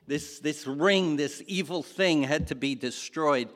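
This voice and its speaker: Slow-speaking male preacher in a reverberant hall. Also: on the high side, fairly bright tone. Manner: slow, halting storytelling with acted-out quotes. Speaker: pastor. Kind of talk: sermon.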